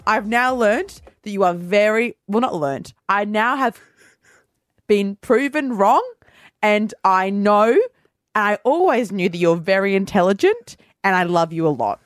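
A woman's voice: medium pitch, measured pace, no echo. A woman co-hosting a radio show, bantering casually in a playful, giggly way. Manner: playful, giggly, animated storytelling.

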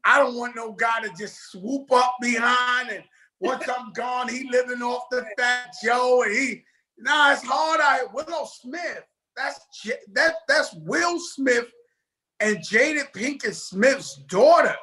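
A man's voice: extremely high pitch, slow pace, pushed and bright, rough recording. A middle-aged man talking as a guest in a casual interview, rambling and loose with streetwise slang.

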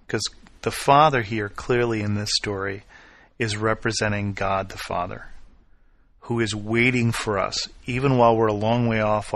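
A man preaching a sermon, retelling a Bible story with expressive swings from loud emphasis to quiet reflection. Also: fairly low pitch, no room sound. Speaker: pastor.

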